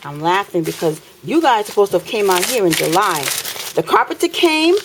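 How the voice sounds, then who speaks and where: A woman's voice: mid-range voice, very animated, normal speed, slight background noise, rough recording. Indignant New woman venting at home. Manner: indignant, emphatic, repeats phrases for effect. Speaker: tenant filming a complaint. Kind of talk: impassioned complaint vlog. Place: her apartment, indoors.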